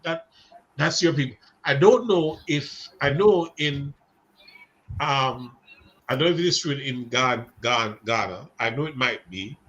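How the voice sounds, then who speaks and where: A man's voice: medium pitch, animated, a little slow, fairly bright tone, dull audio. A man teaching a seminary Bible class in a conversational way, putting questions to students by name.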